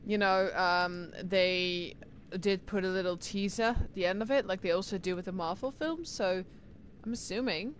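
A woman's voice: mid-range voice, moderate pace, a little hiss or hum. A young woman with an English accent touched by Irish and Scottish sounds, chatting casually to her stream viewers as a gaming streamer, rambling with lots of fillers and restarts.

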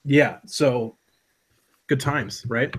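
A man's voice: medium pitch, drawn-out words, a little hiss or hum. A man from Minnesota co-hosting a casual live stream, chatty and rambling with many restarts. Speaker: live stream co-host, vape reviewer.

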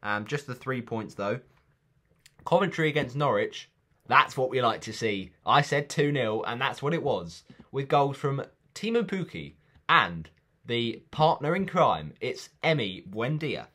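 A man's voice: medium pitch, big pitch swings, a little slow, bright, forceful tone. Guy rambling about footy picks, chatty, ribs himself a bit, middling voice. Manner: chatty, rambling, self-teasing. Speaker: football predictions vlogger. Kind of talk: casual football chat.

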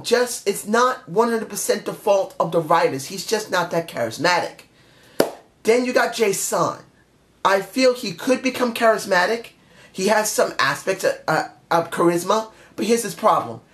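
A man reviewing a wrestling show in a casual spoken style, blunt and exasperated, firing off repeated questions. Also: high-pitched.

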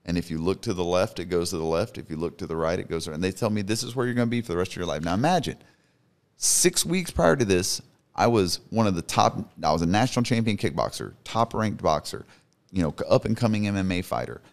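A man's voice: low-pitched, animated, a little fast, creaky. A man in his thirties, a podcast guest, telling his personal story in an earnest, emphatic way. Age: 30s. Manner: earnest, emphatic, repeats for stress.

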